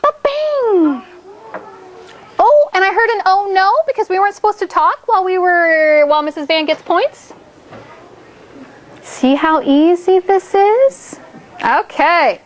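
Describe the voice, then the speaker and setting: An elementary school teacher with a high, bright voice leads her class in an upbeat, encouraging way at a measured pace. She walks the children through each step, often checking in with "okay?".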